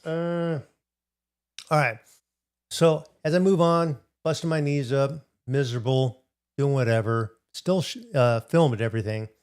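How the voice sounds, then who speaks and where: A man's voice: medium pitch, unhurried, smooth. A middle-aged man hosting a casual livestream, rambling through a story and answering viewers in the chat. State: recovering from hip replacement. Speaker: livestream host.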